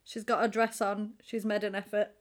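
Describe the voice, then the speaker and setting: A woman's voice: mid-range voice, flat delivery, moderate pace. A woman chatting casually, retelling a film scene by scene with frequent laughter. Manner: chatty, giggly storyteller who acts out quotes. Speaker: podcast co-host. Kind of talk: casual chat recapping a film.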